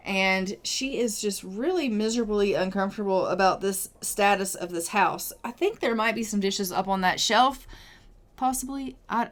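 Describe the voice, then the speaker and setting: A young woman casually narrating a life-sim game, chatty and gushing, thinking out loud as she plays. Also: medium pitch. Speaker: gaming video creator. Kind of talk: casual let's-play commentary.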